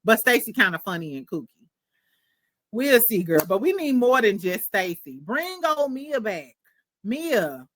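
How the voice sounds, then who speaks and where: A woman's voice: a little high, bright, forceful tone, dry recording. A woman hosting a casual gossip show, chatty and sassy, laughing often. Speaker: podcast host.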